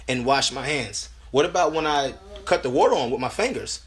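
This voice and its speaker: Indoors at home, a lay preacher delivers an impassioned sermon in an expressive, mid-range voice, a little fast and with hardly any pauses. Fervent and repetitive, he restarts often and keeps calling listeners brothers and sisters. Faint music plays behind him.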